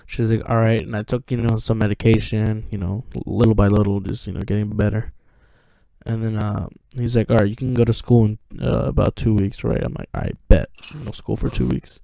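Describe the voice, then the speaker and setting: A man's voice: lowish voice, level tone, normal speed, vocal fry, mellow, no room sound. A teenage boy telling a long personal story in casual chat, rambling with lots of restarts and fillers, recorded at home. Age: teens. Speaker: podcast co-host.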